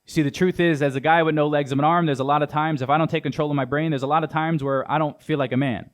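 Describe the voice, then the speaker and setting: A man's voice: on the high side, steady tone, fast talker. A young adult man giving a keynote speech on stage, punchy and dramatic, talking straight to the audience. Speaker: motivational speaker. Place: large event hall on stage.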